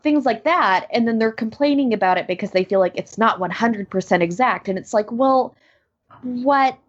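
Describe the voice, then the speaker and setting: A woman voice actor chatting casually, animated and full of fillers. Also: fairly high pitch, moderate pace. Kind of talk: casual podcast chat. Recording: dull lo-fi sound.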